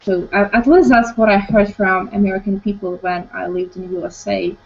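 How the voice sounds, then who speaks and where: A woman's voice: mid-range voice, fairly even intonation, moderate pace, creaky, darkish tone. A woman from Ukraine, teaching an online English conversation class and leading it with short questions. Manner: leads discussion with short prompts and questions. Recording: dull lo-fi call audio.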